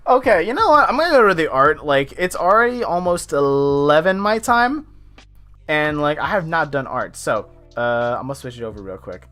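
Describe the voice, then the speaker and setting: A young American man talks casually during his art stream in a slightly high, fairly bright and animated voice at normal speed. Chatty and rambling, he leans on fillers and laughs often, with faint lo-fi music in the background.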